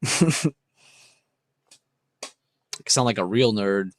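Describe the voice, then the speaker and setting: A man's voice: lowish voice, slow pace, long pauses, no room sound. A young man hosting a trading livestream, chatting casually and enthusiastically with viewers, swearing freely. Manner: casual, profane, enthusiastic, reacting to chat.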